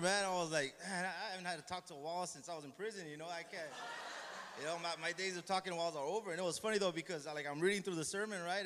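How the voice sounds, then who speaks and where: A man's voice: fairly high pitch, sharp tone, a little hiss or hum. Rambling man preaching in an echoey hall. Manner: rambling, self-deprecating, many restarts. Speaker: lay preacher. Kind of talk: informal sermon. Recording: echoey hall with long reverb.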